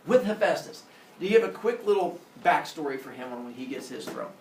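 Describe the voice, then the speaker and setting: A man teaching a class, telling myths in a jokey, animated way. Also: on the high side, fairly quick, slight background noise. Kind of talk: classroom lecture, storytelling. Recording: roomy echo, distant mic.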